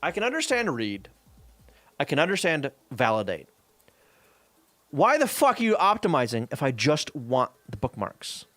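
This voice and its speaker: A man venting on a stream in an exasperated, profane way, his pitch jumping up and down. The voice sits a bit higher than most men's and sounds dry and close. Faint music plays behind him. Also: huge pitch swings, normal speed, long pauses, a bit bright, dry recording. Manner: exasperated, swears freely, many fillers and 'right?'. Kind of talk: casual profane rant about programming.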